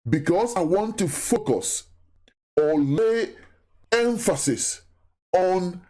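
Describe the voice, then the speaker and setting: A man with a fairly high voice gives a Bible lesson at a slow, careful pace. His pitch rises and falls freely as he stresses words, repeats key phrases and asks his listeners questions. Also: animated, darkish tone. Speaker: Bible teacher. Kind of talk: recorded Bible teaching.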